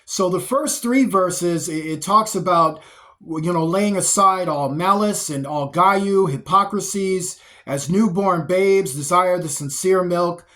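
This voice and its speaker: A man's voice: high voice, measured pace, a bit bright. A man giving a spoken Bible teaching, speaking in repetitive lists and often restarting his phrases. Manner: repetitive, list-like delivery with frequent restarts.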